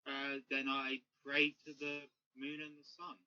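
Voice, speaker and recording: A man's voice: mid-range voice, completely flat delivery, measured pace, sharp tone. A man playing a tabletop game, curious and full of rules questions. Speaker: player. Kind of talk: casual tabletop play. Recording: dull lo-fi recording.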